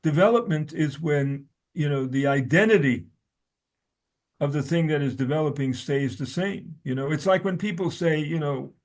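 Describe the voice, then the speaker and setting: A man with a fairly high-pitched voice speaks as a guest scholar in conversation. He reads passages from his own essay aloud and quotes sources at length. He often stutters and restarts his sentences. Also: moderate pace.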